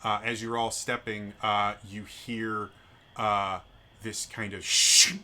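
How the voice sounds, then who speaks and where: A man narrating as game master of a tabletop game, casual and relaxed, with frequent fillers. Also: lowish voice, slow pace.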